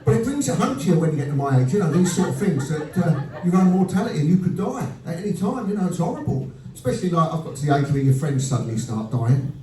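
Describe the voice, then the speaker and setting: Recorded from afar in a roomy live venue, this fifty-something comic talks fast in a voice on the high side, with a crowd audible in the background. His stand-up set is deadpan and blunt, full of crude punchlines that draw laughter.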